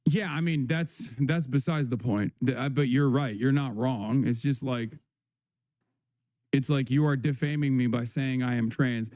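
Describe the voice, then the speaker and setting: A man's voice: mid-range voice, measured pace, darkish tone, no echo, studio quality. A man hosting a livestream, giving rambling, sarcastic, crude commentary on the news. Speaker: livestream host.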